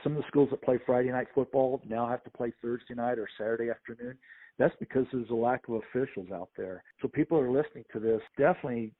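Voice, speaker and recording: Speaking fast over a tinny, thin-sounding phone line, this middle-aged podcast guest draws on a long career as a sports official. His pitch is ordinary and mid-range, and he animates his storytelling interview by imitating the people in his lively tales.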